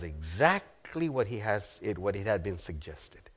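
A male pastor preaching a sermon, retelling a story with drama, asking the audience questions and dropping to a hushed voice at grave moments. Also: medium pitch, very animated, unhurried. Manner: dramatic, acts out the figures in quoted lines, asks the audience questions.

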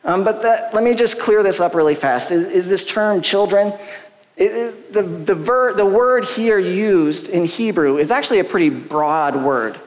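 A man preaching a casual sermon, retelling the story conversationally with quick quoted asides. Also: sits high. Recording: long hall reverb.

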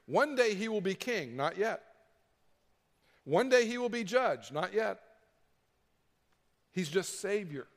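A man's voice: high voice, very animated, takes it slowly, pauses often, big-room sound. A man preaching a sermon, repeating key phrases for emphasis and acting out what people would say. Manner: preaching with emphatic repetition and acted-out quotes. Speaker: pastor.

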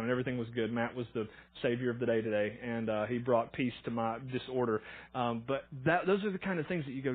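A man's voice: mid-range voice, slightly rough. A man preaching a sermon in a church, telling stories in a chatty way and acting out his own thoughts. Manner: chatty storytelling with fillers and quoted inner thoughts. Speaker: pastor. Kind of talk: conversational sermon. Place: church auditorium. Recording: thin phone-like sound.

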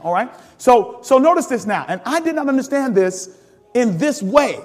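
A high-pitched male pastor leads a teaching sermon, calling out to the congregation for answers and amens. His voice rings with a long church-hall reverb as he laughs and climbs into sudden emphatic peaks. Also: moderate pace. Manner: animated, call-and-response preaching with laughter and sudden emphatic rises.

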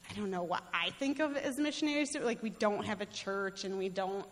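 A woman's voice: mid-range voice, fairly quick. A middle-aged woman missionary telling a personal faith story in a casual, chatty way, laughing often and restarting her sentences. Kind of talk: casual testimony. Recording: long hall reverb.

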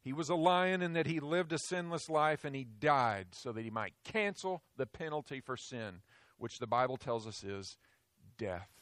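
A man preaching a sermon in an emphatic way, swinging from loud declarations to hushed, low phrases. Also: lively intonation, normal speed, dry recording.

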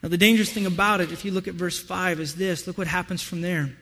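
A man preaching a sermon as pastor, telling stories in an animated way and acting out what people say. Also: high voice, a little fast, in a large hall. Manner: animated storytelling, acts out voices.

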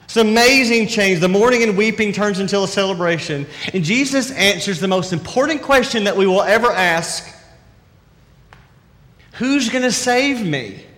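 A man with a high voice preaches a sermon, talking to the congregation as if in conversation and pressing his points with repeated questions. The long reverb of a church hall hangs on every phrase. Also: brisk, few pauses, fairly bright tone. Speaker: pastor.

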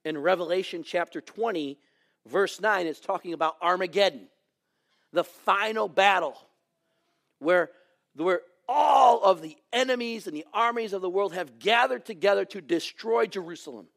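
High-voiced man preaching a dramatic sermon. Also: moderate pace, creaky. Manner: dramatic storytelling, swinging from raised exclamations to hushed near-whispers.

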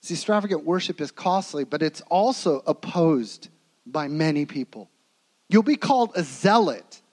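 A man preaching a sermon, telling the story dramatically and swinging between emphatic lines and hushed ones. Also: fairly high pitch, animated, moderate pace, rough recording.

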